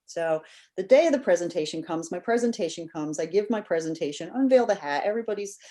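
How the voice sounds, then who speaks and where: A woman with a fairly low voice talks fast as a podcast guest, telling a story casually and animatedly. She performs the voices of the people she quotes.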